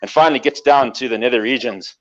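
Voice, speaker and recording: A man telling a long joke on a video call in a relaxed, chuckling way. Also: medium pitch, fast, highs cut off. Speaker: panelist.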